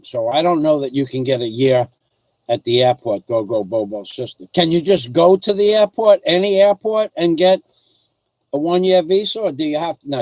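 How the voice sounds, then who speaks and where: A man's voice: fairly high pitch, a little mellow, no echo, poor audio. A man telling a rambling story and chatting with viewers on a casual livestream, full of restarts and asides. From United States. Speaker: vlogger.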